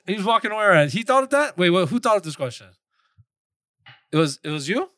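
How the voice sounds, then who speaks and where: Bright-voiced joking man from Queens. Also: high voice, sing-song, fast, no room sound, studio quality. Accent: New York. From Flushing, Queens, New York. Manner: joking, laughs often, curses and apologizes. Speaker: podcast guest. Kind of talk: casual chat.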